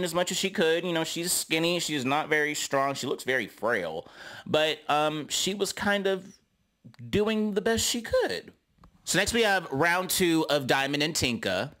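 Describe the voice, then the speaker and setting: A man's voice: mid-range voice, fairly bright tone. A man recapping a reality TV episode in casual, sassy commentary full of slangy asides.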